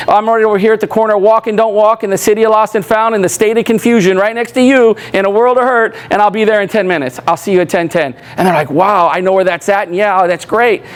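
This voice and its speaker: High-voiced man telling work stories. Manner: animated, acts out quoted voices, asks "right?" often. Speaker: workshop trainer. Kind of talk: storytelling training talk.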